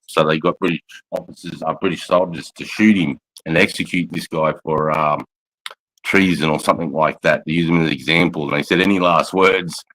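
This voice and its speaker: A man's voice: a bass voice, a bit bright, poor audio. An Australian man and army veteran in casual chat from his lounge room, blunt and heavily profane, calling everyone mate.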